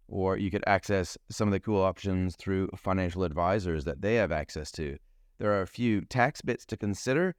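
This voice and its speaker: This solo podcast comes from a New Zealand man, a financial advisor whose chatty, joking style is full of food metaphors. His voice sits low, and the recording is dry and studio-clean.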